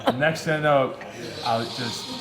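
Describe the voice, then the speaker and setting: A man telling a comic personal story on a talk show, quick and self-deprecating, laughing as he goes. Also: medium pitch, echoey room, a crowd in the background. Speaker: guest athlete. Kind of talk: animated anecdote telling.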